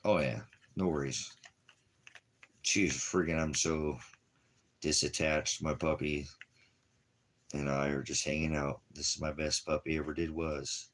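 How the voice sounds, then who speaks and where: A man's voice: extremely low pitch, steady tone, a little slow, long pauses, a bit bright. A man on a casual live stream, talking to his puppy in rambling, playful, affectionate baby talk.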